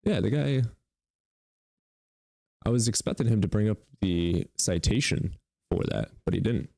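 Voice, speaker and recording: A man's voice: fairly low pitch, lively intonation, a little slow, gravelly, darkish tone, no room sound. A man hosting a live-stream debate in casual chat, joking and sarcastic, and he swears freely. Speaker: livestream debate host.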